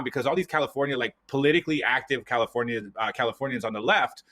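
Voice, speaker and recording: A man from the US East Coast talks politics in quick bursts, his voice bright and forward. He is animated, slipping into other people's voices as he tells stories. He co-hosts with a casual, conversational flow. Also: mid-range voice. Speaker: podcast co-host.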